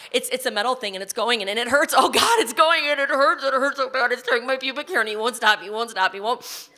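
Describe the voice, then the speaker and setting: A woman's voice: medium pitch, sharp tone. A woman telling a personal story on stage, in a vivid, emotional present-tense retelling.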